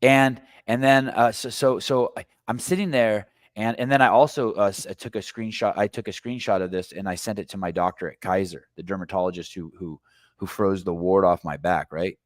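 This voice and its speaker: A man's voice: low voice, steady tone, fairly quick, no echo, clean studio sound. A middle-aged man hosting a podcast, telling a rambling story in casual chat and swearing freely. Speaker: podcast host.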